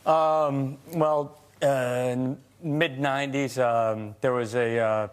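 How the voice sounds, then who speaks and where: A man explaining a film as a guest on a talk show, hesitant and full of pauses. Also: medium pitch, fairly even intonation, clear, resonant tone. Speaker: guest actor. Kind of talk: casual chat show interview. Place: television studio.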